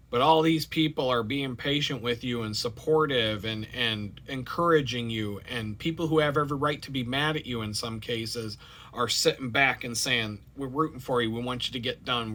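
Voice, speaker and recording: A man voicing God as a patient, gently scolding figure, speaking slowly and calmly. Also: mid-range voice, close to an everyday voice.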